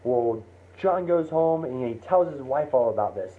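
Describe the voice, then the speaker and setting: A man's voice: medium pitch, expressive, normal speed. Man telling a story over a tinny line. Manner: rambling, many fillers and restarts. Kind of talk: casual spoken story. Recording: tinny phone-like line with faint hiss.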